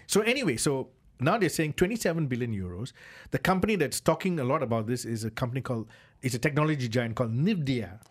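A man's voice: mid-range voice, lively intonation, fast talker, slightly rough. A man co-presenting a radio car show from the studio, with a mid-range voice. He rambles in an easygoing way, leaning on "you know" as he thinks aloud. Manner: chatty, rambling with many "you know" fillers. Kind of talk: casual radio chat.

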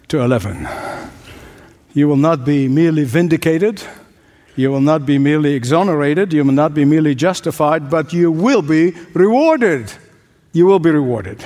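A man's voice: fairly high pitch, a little mellow. A male pastor preaching a sermon with emphatic, repetitive rhetorical cadence. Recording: long hall reverb.

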